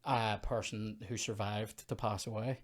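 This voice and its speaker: A young man hosting a comedy podcast, rambling and animated in casual chat. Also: measured pace. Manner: rambling, animated, bursts into high put-on quotes.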